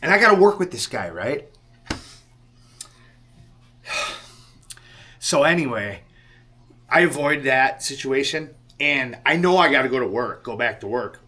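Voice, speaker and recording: A man's voice: mid-range voice, very animated, measured pace, pauses often, sharp tone. Rambling, sheepish man telling a story. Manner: rambling, swears often, keeps asking "right?"; sheepish and rueful. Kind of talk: casual storytelling to camera.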